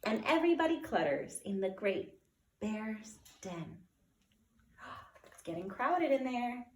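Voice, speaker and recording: A woman teacher reading a picture book aloud, slow and expressive, with dramatic gasps. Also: a little high, slight background noise. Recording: echoey room.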